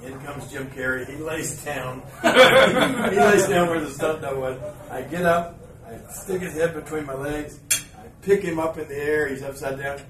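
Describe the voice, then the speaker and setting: A man hosting a podcast in front of live fans, telling an anecdote in an animated way and chuckling as he acts out the scenes. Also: fairly high pitch. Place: live event room with an audience. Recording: roomy, distant live recording with ambient noise.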